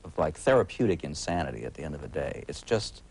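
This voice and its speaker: A man in his forties, a TV critic guesting on a talk show, speaking in a halting, wry way full of uh's and restarts. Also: a bass voice, sing-song, gravelly, a little mellow, breathy edge, low-quality recording. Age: 40s. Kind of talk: casual talk-show conversation.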